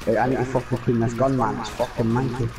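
A man playing an online game with friends, shouting callouts and swearing excitedly over a headset. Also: mid-range voice, quick pace, crowd noise, low-quality recording. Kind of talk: excited gaming chat with teammates.

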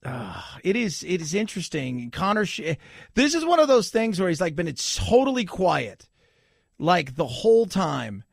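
A man's voice: high voice, big pitch swings, measured pace, vocal fry, slightly rough, no echo, clean studio sound. A middle-aged man hosting a radio talk show, chatting casually with joking, sarcastic asides. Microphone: studio microphone.

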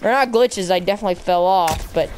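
A woman streaming a zombie shooter game, chatting casually with excitable, gushing outbursts and lots of slang. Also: fairly low pitch, brisk, slight background noise. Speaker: gamer streaming zombie mode. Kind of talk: casual live gameplay commentary.

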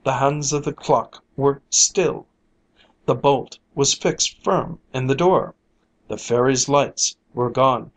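Storyteller for a fairy-tale reading; slow, lilting, unhurried. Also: medium pitch, low-quality recording.

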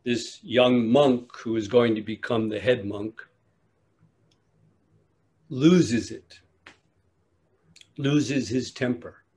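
A man giving a dharma talk at a retreat, telling a teaching story in a measured way with long pauses. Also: medium pitch, a little mellow. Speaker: meditation teacher.

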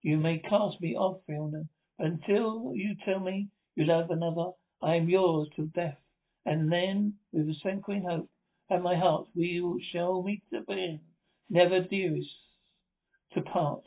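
A man's voice: high-pitched, fairly even intonation, a little slow. A man voicing an earnest, devoted young suitor in impassioned speech, on a tinny lo-fi recording. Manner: impassioned, declaiming.

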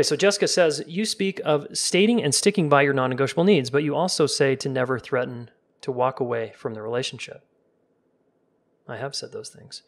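A man coaching on relationships in a relaxed, casual live-stream chat, talking straight to viewers and softening his voice when he acts out calm sample talks. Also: mid-range voice.

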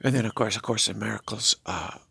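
An older man giving a spiritual talk, halting and musing, repeating himself as he searches for words. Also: lowish voice, creaky, bright, forceful tone, slightly rough, no echo. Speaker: spiritual teacher. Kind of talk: spiritual monologue.

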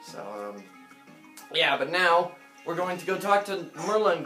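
A man's voice: on the high side, expressive, unhurried, pushed and bright. A young man hosting a let's play, giving casual, rambling commentary as he plays. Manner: chatty, rambling, giggly. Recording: echoey room with game music.

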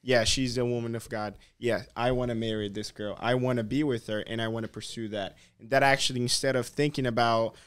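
A man in a casual podcast chat, telling a personal story in a relaxed, hesitant way. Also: medium pitch, fairly quick, few pauses, smooth. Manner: relaxed, hesitant, many fillers and restarts. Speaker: podcast host.

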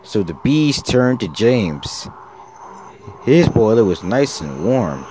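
A man narrating a children's story about engines in a brisk storytelling manner. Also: fairly low pitch, big pitch swings, noisy background. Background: music.

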